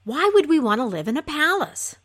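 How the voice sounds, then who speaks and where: A woman's voice: sits high, big pitch swings, a little fast, fairly bright tone, pitched above the performer's own voice. A woman doing a meek, stammering fisherman. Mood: pleading. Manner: hesitant, pleading, stammering. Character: meek, reluctant fisherman husband.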